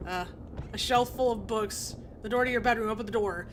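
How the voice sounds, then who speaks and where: A woman's voice: on the high side, a little fast, background noise. A woman streaming a video game, reading its text aloud with casual, laughing asides.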